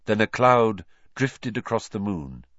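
A man's voice: lowish voice, sing-song, a little slow, fairly bright tone, dry recording, lo-fi sound. A man narrating an audiobook, reading expressively and voicing the characters.

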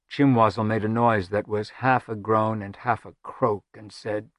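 A man's voice: fairly low pitch, a little slow, few pauses, no room sound, studio quality. A man narrating a fantasy story aloud with wry, theatrical delivery. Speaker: audiobook narrator.

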